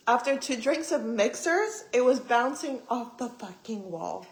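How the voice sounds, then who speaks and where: A young woman vlogger telling a story to her live chat in a casual, animated way, swearing and acting out what people said. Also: a little high, normal speed, hardly any pauses, echoey room, rough recording. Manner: animated, swearing, acts out quoted voices. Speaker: vlogger on a livestream.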